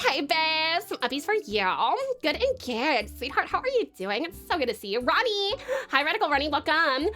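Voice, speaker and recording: Bubbly high-voiced Australian woman streamer. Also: a bit bright. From Tasmania, Australia. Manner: bubbly and gushing, many fillers and restarts. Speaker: livestreamer. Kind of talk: casual live-stream chat with viewers.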